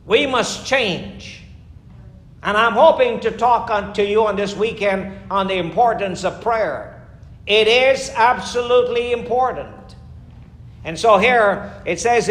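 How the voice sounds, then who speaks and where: A man preaching a fervent sermon as pastor, emphatic, with sudden rises and slowed, stressed lines. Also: high voice, a bit bright. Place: church. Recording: echoey church room.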